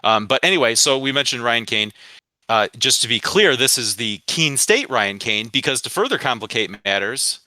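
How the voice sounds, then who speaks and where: Midwestern man with a Michigan accent, chatty podcast co-host, bright and forceful tone, crisp clear delivery. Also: medium pitch, expressive, normal speed, dry recording. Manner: chatty, rambling asides, frequent ums. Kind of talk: casual sports podcast chat.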